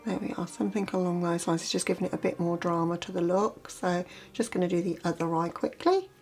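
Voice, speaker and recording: A woman vlogger talking through a makeup look step by step in a relaxed, chatty way. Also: on the low side, quick pace, soft background music. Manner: chatty, relaxed, explains as she works. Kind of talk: makeup tutorial narration.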